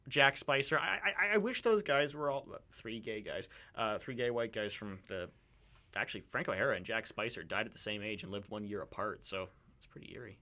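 Young guy cohosting a radio chat, bright voice, keeps restarting his sentences, lots of ums. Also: on the low side, brisk. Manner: thoughtful, rambling, many restarts and fillers. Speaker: radio show co-host. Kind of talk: casual discussion.

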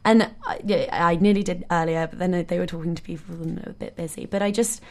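A woman's voice: fairly low pitch, steady tone, quick pace, creaky, darkish tone. A young woman, a first-year university student, talking earnestly and enthusiastically as a guest on a radio show, with frequent light laughs. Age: young adult. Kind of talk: casual radio chat. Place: radio studio.

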